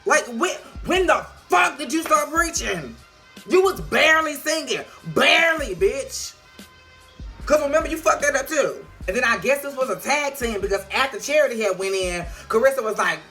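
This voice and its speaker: Woman reviewer, brassy and profane, bright edge, faint music underneath. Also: sits high, normal speed. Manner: sassy, profane, animated. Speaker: TV show reviewer. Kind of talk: casual video review.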